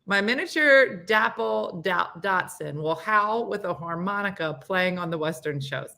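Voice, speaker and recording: A woman's voice: mid-range voice, animated, unhurried, creaky, sharp tone. A middle-aged woman hosting a casual morning show, reading viewer comments in a playful, laughing manner. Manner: playful, laughing, mimics pets' voices.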